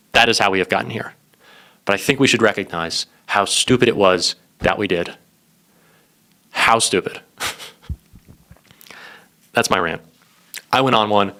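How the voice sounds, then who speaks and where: A man's voice: lowish voice, fairly bright tone. A young man giving a ranting political commentary, angry, sarcastic and profane.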